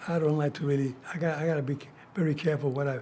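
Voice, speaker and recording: This talk show host is an older man from the United States with a slightly high voice that stays steady in tone yet races along, sounding dark. There's slight background noise as he chats through casual stories full of restarts and fillers.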